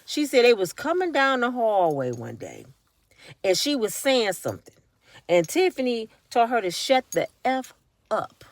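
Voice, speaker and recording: A woman giving casual commentary, animated and acting out the voices of the people she talks about. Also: on the high side, a little slow, no room sound. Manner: animated, acts out voices of others mid-story. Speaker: vlogger.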